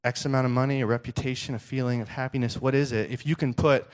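A male pastor preaching a sermon in a conversational, animated storytelling way, with frequent restarts. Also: mid-range voice, fast, few pauses.

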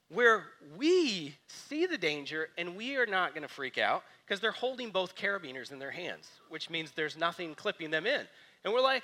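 A man preaching a sermon, telling stories with lively energy and dropping to quiet, soft reflection. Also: high-pitched, moderate pace. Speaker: pastor.

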